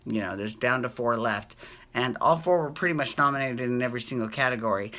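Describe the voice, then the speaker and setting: A man's voice: medium pitch, fairly quick, pushed and bright. A man hosting a casual soap opera recap, talking in a gushing, emotional way and swearing freely. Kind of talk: casual chat.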